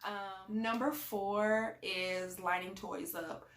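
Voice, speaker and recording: A woman's voice: medium pitch, steady tone, slow. A woman talking casually in a rambling, conversational way, giving parenting advice in a vlog. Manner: chatty and conversational, rambling with fillers. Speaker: parent sharing advice on a channel. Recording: echoey room.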